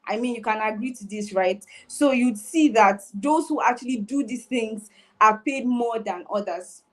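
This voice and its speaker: A woman's voice: fairly high pitch, normal speed. A woman guest speaker on a live session, explaining her points and checking in with the listener. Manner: explanatory, keeps asking "right?".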